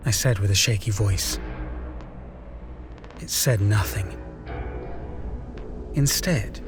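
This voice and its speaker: A man reading a first-person horror story aloud, slow and suspenseful with dramatic pauses. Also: lowish voice, animated, over music. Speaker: story narrator. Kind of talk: scripted horror story narration.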